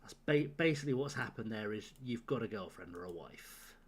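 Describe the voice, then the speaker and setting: A man's voice: on the low side, expressive, fairly quick, slightly rough. A man streaming a game live, chatting to his viewers with sardonic, profane jokes. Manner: sardonic, profane joking to chat.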